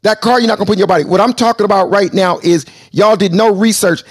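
A man with a high-pitched voice argues hard on a live panel, repeating his phrases and talking over the others. The sound is dry and close, with no room around it. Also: fast talker, no room sound. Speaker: host. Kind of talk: heated panel debate.

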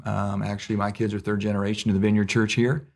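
A middle-aged psychologist from Central Illinois with a Central Illinois accent, chatting as a podcast guest in an easygoing, self-deprecating way with lots of fillers. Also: male voice, fairly low pitch, flat delivery, fast, vocal fry. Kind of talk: casual conversation.

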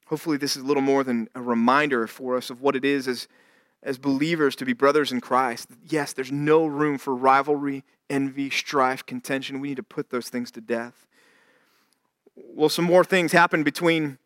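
Male pastor, sermon, conversational, acts out scripture with humor, bright voice, dry close sound. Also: on the high side, dry recording. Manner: conversational, jokey retelling of scripture with voiced asides.

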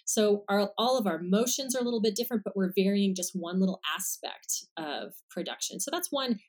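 A woman's voice: mid-range voice, expressive, a little fast. Woman explaining speech therapy methods. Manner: friendly, explains step by step with examples. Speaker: speech-language pathologist guest. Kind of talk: casual explanatory podcast talk.

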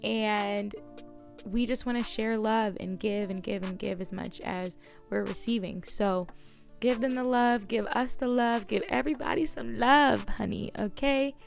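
Woman podcast co-host, gushing and emphatic, a touch of vocal fry over soft music. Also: on the high side. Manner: effusive, warm thanks, drawn-out emphasis. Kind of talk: casual podcast chat.

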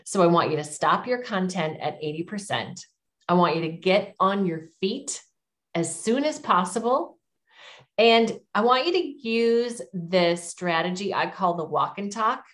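Low-voiced woman coaching on public speaking. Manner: encouraging, emphatic coaching tone. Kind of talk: interview advice.

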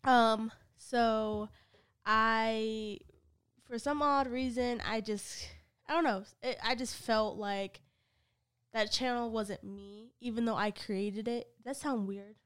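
A woman in her twenties co-hosting a podcast, chatting casually with lots of laughter and animated storytelling. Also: a little high, takes it slowly, smooth. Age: 20s. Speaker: podcast co-host. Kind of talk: casual chat.

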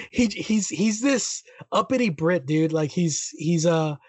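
High-voiced rambling young man. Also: lively intonation, slow pace, darkish tone, breathy edge, no echo. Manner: rambling, many fillers and restarts. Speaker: podcast co-host. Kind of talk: casual chat.

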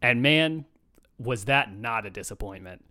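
A man's voice: medium pitch, expressive, a little slow, sharp tone. A man guest on a podcast, chatting with dry rambling jokes. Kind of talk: casual podcast chat.

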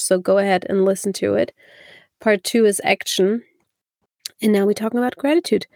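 A woman's voice: mid-range voice, darkish tone, dry recording, clean studio sound. A woman co-hosting a podcast in a casual, chatty way, laughing easily and swearing freely. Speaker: podcast co-host.

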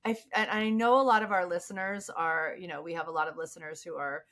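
A woman's voice: on the low side, fairly even intonation, a bit bright. A woman hosting a podcast, chatting enthusiastically and affirming her guest often. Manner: enthusiastic, affirming, quick to agree. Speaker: podcast host. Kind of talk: casual interview conversation.

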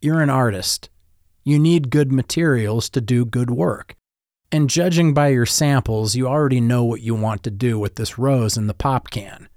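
A man playing a gruff, kind art teacher. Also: medium pitch, normal speed, no echo, studio quality, natural voice. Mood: encouraging. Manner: calm, encouraging, explaining. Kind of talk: audiobook-style storytelling.

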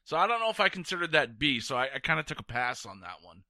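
A man's voice: a little high, big pitch swings, fast talker, bright, forceful tone, no echo, clean studio sound. A man competing on a retro game show podcast, explaining his picks in an easygoing way. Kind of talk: casual podcast banter.

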